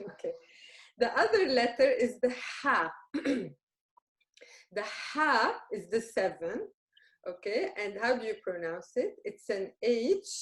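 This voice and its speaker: A woman from Lebanon, teaching a beginner Arabic lesson and checking in patiently with her learners. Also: fairly high pitch. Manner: patient and encouraging, checks in with "okay?" constantly. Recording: roomy room with faint noise.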